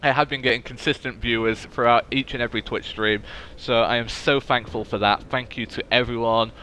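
A young man, chatting excitably to viewers on his game stream through a cheap microphone. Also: mid-range voice, a little fast, a little hiss or hum. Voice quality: recorded on a cheap mic. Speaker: gaming streamer. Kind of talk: casual live-stream chatter. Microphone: cheap desk microphone.

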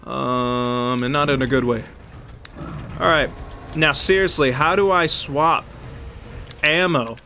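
A man giving chatty, excitable let's play commentary, yelping and laughing while he talks to the enemy on screen. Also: mid-range voice, takes it slowly, pauses often, a little hiss or hum. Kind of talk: live gameplay commentary.

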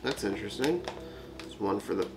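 A man's voice: on the low side, animated, normal speed. A man casually chatting to camera at his desk while reviewing a coffee, rambling and swearing offhand. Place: at a desk with a monitor, indoors. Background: faint background music.

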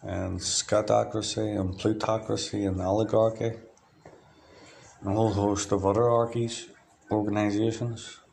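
A man from Ireland speaks in a low, monotone voice, rambling through a diary-style monologue. He free-associates, sliding from one word to the next in a flat, matter-of-fact delivery. A faint hum of noise sits behind him. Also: normal speed, vocal fry. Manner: free-associating, drifts between words. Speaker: diarist.

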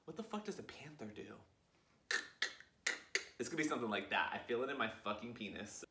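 A man hosting a music video reaction vlog, talking in a profane, flamboyant and excitable way. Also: medium pitch, a little fast, a little hiss or hum. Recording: roomy echo with music playing.

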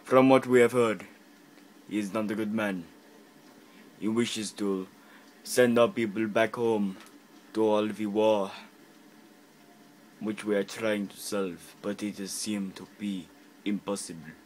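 A man's voice: fairly low pitch, fairly even intonation, slight background noise, poor audio. A man doing a hammy accented guerrilla hero. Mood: mock-solemn. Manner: slow, stiff, mock-dramatic narration.

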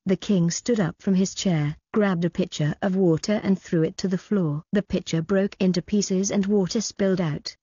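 A woman reading a novel aloud as an audiobook narrator, in an even, measured way, on dull lo-fi audio. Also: mid-range voice, slightly rough, no echo. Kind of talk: scripted story narration.

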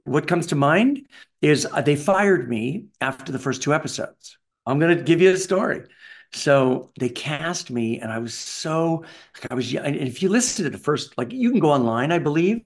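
A middle-aged Canadian man telling animated stories in an interview, acting out the people in them. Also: medium pitch. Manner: animated, does voices of people in his stories. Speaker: voice actor guest. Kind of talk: anecdotal interview storytelling.

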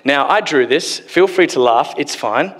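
A man's voice: fairly high pitch, expressive, measured pace, fairly bright tone. Joking preacher man in a reverberant church hall. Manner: casual, joking, acts out quotes. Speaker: pastor. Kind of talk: sermon.

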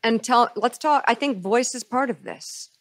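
A middle-aged woman hosting a podcast interview, speaking in a measured, encouraging way. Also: a little high, no echo. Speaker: podcast host. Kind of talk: conversational interview.

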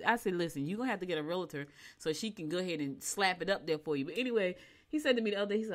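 A middle-aged woman, co-hosting a morning show in casual chat, reading horoscopes and telling animated stories. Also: medium pitch, fast. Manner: chatty, animated storytelling.

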